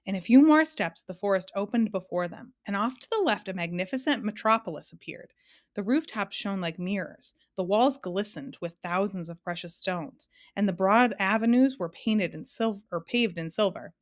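A woman reading a children's book aloud with lively, expressive narration. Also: mid-range voice, moderate pace. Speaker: storyteller.

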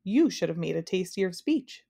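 A pompous storybook king barks his commands, raised and loud, with no patience for anyone, as a woman puts him on. He snaps and grunts his words like royal decrees. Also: lowish voice, sing-song, normal speed, vocal fry, full character voice. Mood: imperious. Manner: snapping, commanding. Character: pompous bossy male king, impatient.

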